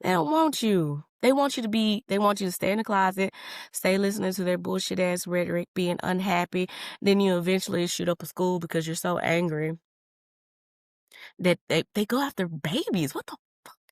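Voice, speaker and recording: Profane, candid woman host, low voice. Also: normal speed, no room sound, studio quality. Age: 30s. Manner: candid, profane, calls listeners honey; jumps between tangents. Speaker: podcast host. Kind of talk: solo podcast monologue.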